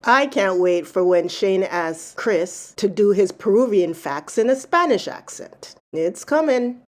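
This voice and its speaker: A woman's voice: mid-range voice, expressive, measured pace, soft background music. A woman narrating a commentary video in a casual, pointed, sarcastic way. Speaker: commentary YouTuber.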